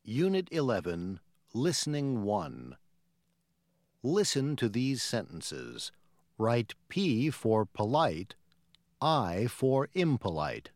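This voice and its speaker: A man announcing unit titles and exercise instructions for an English course. He reads slowly and clearly, his pitch moving widely, in a dry, close recording. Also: wildly swooping pitch, dry recording. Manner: slow, measured reading. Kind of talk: scripted instructions.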